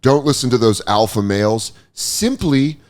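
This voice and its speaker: A male podcast host telling stories in a casual studio chat. His pitch swings widely as he jumps into quoted voices and lively bits. He talks at an easy middle pitch. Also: moderate pace. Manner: animated storyteller, acts out quoted voices.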